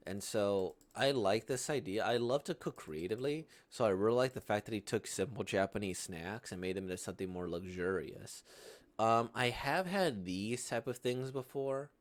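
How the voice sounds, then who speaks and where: Guy reacting casually, lowish voice, meandering, hesitant, keeps checking in with tag questions. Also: normal speed. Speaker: manga reaction host.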